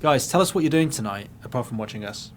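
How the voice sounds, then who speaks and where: A man's voice: mid-range voice, animated, quick pace, fairly bright tone, a little hiss or hum. A British man co-hosting a game livestream, chatty and teasing, laughing often through casual banter. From Britain.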